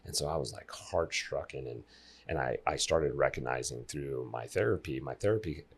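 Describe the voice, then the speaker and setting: A man in his thirties speaks in a very low, gravelly register with a husky edge. He is a guest on a podcast and tells his stories with energy, turning now and then to speak straight to the listeners. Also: normal speed. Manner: animated storyteller who addresses listeners directly. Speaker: life coach guest. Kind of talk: casual podcast interview.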